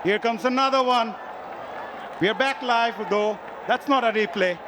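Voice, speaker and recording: Excitable high-voiced cricket commentator. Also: male voice, moderate pace. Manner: excitable, rising to shouts on big hits. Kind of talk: live sports commentary. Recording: loud stadium crowd and ambient noise behind. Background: cheering stadium crowd.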